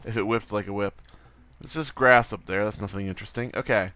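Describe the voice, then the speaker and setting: A man's voice: lowish voice, fairly quick, sharp tone. Goofy man narrating his gameplay. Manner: goofy, muttering, swears, silly sound effects. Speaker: let's play host. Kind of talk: casual game commentary.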